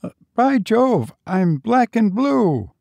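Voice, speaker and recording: A man's voice: high voice, big pitch swings, slow pace, creaky, a little mellow, dry recording, pitched above the performer's own voice, heavily acted. A man doing a nervous, snarling visitor. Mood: tense. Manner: nervous laughter with a snarl underneath. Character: nervous, resentful male visitor.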